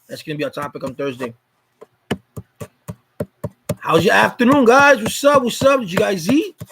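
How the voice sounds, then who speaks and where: A man's voice: high-pitched, expressive, normal speed, vocal fry, noisy background. A man hosting a casual live stream chat, greeting viewers by name in a loose, repetitive way.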